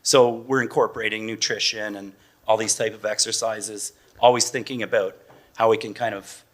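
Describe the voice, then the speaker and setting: A man's voice: lowish voice, fairly even intonation, normal speed. A man in his forties, a parent guest on a panel, talking in a chatty, loose way and laughing often. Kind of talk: casual panel talk.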